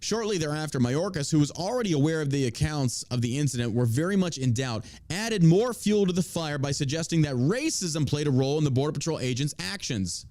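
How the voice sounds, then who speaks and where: A man's voice: fairly high pitch, expressive, brisk, few pauses, darkish tone, dry recording, studio quality. A man hosting a show, delivering profane, combative and mocking political commentary. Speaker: podcast host.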